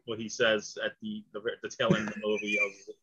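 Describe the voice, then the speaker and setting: A man's voice: fairly low pitch, completely flat delivery, a little fast, sharp tone, husky. A man interviewing a filmmaker in a casual chat, enthusiastic and laughing often. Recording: dull lo-fi audio.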